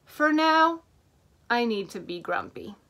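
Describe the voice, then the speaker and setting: A woman voicing a grumpy young male chimpanzee who shouts and sighs while reading a picture book to children. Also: very high voice, sing-song, takes it slowly, heavily acted. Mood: sulky. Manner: shouting, sighing.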